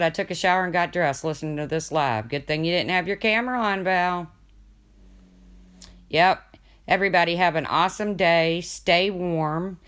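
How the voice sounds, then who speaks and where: A woman hosts a casual livestream, chatting and reading out viewer comments. Her voice is deep enough that people mistake it for a man's, though it's a bit bright, clear, and resonant.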